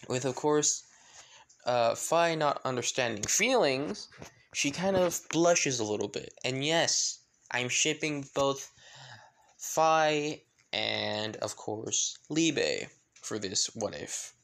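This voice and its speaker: A man casually narrating his own fan-fiction, rambling and leaning on the same filler phrases. His voice is gravelly at a middle pitch. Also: lively intonation, takes it slowly, a bit bright. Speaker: fan storyteller.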